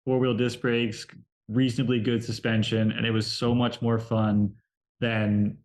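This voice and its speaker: A man co-hosting a car podcast, relaxed and chatty in casual talk. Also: medium pitch, a little slow. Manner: relaxed, chatty, laughs easily. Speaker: podcast co-host. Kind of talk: casual interview chat.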